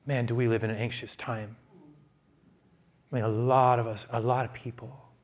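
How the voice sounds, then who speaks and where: A man preaching a sermon as pastor, who often restarts his phrases and swings between quiet asides and loud, raised emphasis. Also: flat delivery, normal speed. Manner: builds to loud, high-pitched emphasis, then drops to quiet asides; repeats words and restarts phrases.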